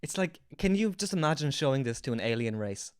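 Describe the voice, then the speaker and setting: A woman's voice: rumbling low, animated, a little fast, a little mellow. A young woman who streams for a living joins a podcast as a guest. Her talk is loose, self-mocking banter, broken up by frequent laughs. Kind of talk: casual comedic chat.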